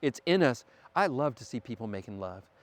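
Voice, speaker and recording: A middle-aged man speaks as a podcast guest, his voice sitting in an ordinary middle pitch. He talks fast and animatedly, swearing freely. The tone is casual, like a conversation. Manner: animated, profane, fast-talking.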